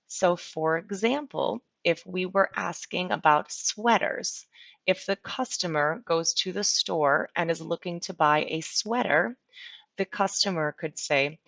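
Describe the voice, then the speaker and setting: Slow, patient woman teaching vocabulary. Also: fairly low pitch, creaky, a bit bright, no echo. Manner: patient, repeats words slowly. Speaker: ESL teacher. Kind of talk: slow, clear vocabulary lesson. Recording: dull lo-fi sound.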